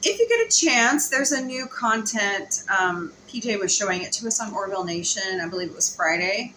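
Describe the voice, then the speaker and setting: Bright-voiced chatty woman hosting at home. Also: mid-range voice, expressive, moderate pace. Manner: chatty, many ums. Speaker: vlog host and mother. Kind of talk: casual chat. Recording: roomy, light background hiss.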